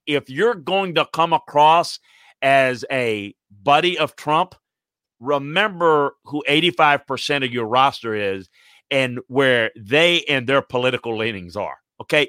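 An older man talks sports in a loose, rambling way, stopping and restarting his sentences as he goes. His voice is bright and forceful, and the sound is dry and close. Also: fairly high pitch, no echo. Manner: rambling, animated, many restarts. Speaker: sports commentator. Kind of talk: casual sports talk.

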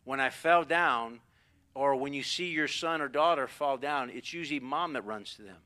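Bright-voiced man preaching a sermon. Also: medium pitch, normal speed. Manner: animated storytelling, acts out quoted voices. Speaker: pastor.

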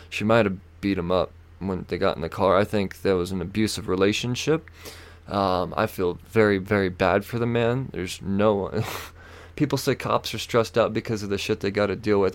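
A young man hosting a podcast, telling a story in casual chat, swearing heavily and acting out other people in a raised voice. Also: fairly low pitch. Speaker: podcast host.

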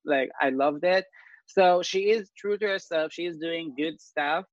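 An upbeat man hosts a casual panel chat, his voice sitting a little high. He talks in easy slang and laughs often. The sound is dry and a bit dull, like a lo-fi recording. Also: a little slow, dry recording. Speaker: host.

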